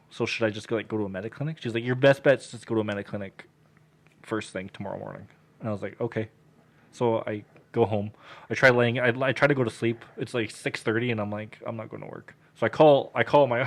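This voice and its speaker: A young man co-hosting a podcast, telling a story in casual chat, animated, acting out the people he quotes, swearing and laughing often. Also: mid-range voice. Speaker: podcast co-host.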